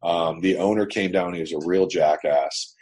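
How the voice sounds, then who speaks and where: Casual storytelling comes from a business owner from Canada, interviewed via a remote internet call. He speaks at normal speed in a low-pitched, husky, slightly mellow voice with fairly even intonation, and his manner is blunt, profane and emphatic.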